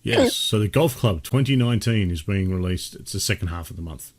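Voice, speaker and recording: A man's voice: lowish voice, lively intonation, fairly quick. A man co-hosting a casual gaming podcast, chatting loosely and rambling with many restarts. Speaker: podcast co-host. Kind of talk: casual chat.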